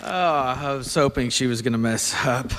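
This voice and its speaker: A man's voice: medium pitch, moderate pace, noisy background. A man giving a wry, self-deprecating after-dinner speech as a congressman.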